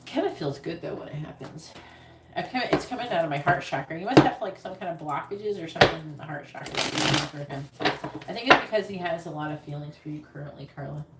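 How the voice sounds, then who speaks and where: A woman's voice: deep voice, animated, a little fast, roomy sound, very noisy. A woman giving a casual live-stream tarot reading, chatty and rambling, talking straight to her viewers. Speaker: psychic reader on a live stream.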